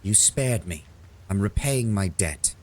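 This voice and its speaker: A man voicing a proud, cold male dark elf assassin in a fantasy game, reading his lines in a measured, contemptuous way. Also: lowish voice, lively intonation. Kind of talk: reading game dialogue aloud.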